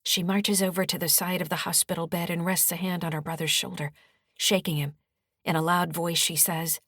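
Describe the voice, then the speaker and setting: Low-voiced woman narrating an audiobook. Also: flat delivery, fairly quick, a bit bright, slightly rough, dry recording, studio quality. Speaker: author narrating her own audiobook. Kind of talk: first-person audiobook narration.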